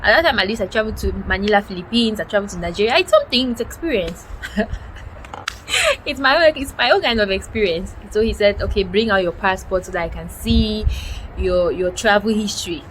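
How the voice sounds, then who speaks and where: A woman's voice: medium pitch, lively intonation, quick pace, a bit bright, poor audio. A young woman from Cameroon animatedly retelling a personal story, acting out quoted dialogue with frequent exclamations. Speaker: vlogger. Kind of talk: storytelling vlog. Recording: noticeable background noise.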